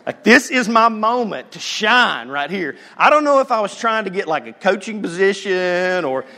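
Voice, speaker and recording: A man preaching in a high voice that leaps all over the place. He drops to a hush one moment and bursts out loud the next, like a pastor telling a story to his congregation. His voice rings with the long echo of a big church hall. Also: normal speed. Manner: animated storytelling preacher, swinging from hushed to loud. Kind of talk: sermon. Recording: long reverb of a large hall.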